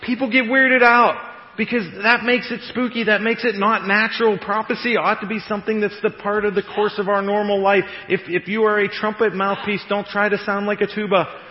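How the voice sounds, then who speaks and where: A man with a fairly high voice preaches in a loose, conversational way, building up and laughing at his own jokes. His voice rings through a big echoing hall with long reverb. The sound is dull and muffled, like an old radio broadcast. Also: little pitch movement, a little fast, hardly any pauses. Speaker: pastor. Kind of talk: sermon.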